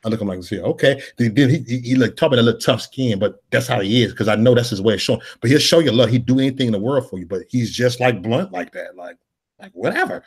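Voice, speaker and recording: Fast-talking husky man telling stories. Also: mid-range voice, expressive. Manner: blunt, streetwise storytelling with slang. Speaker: host of a live chat stream. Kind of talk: casual chat.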